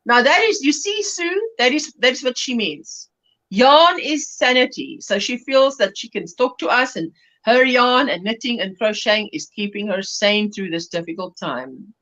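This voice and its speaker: A woman's voice: a little high, lively intonation, moderate pace, fairly bright tone. A South African woman hosting a crochet livestream, chatting casually and laughing often as she reads viewer comments aloud. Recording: lo-fi livestream audio.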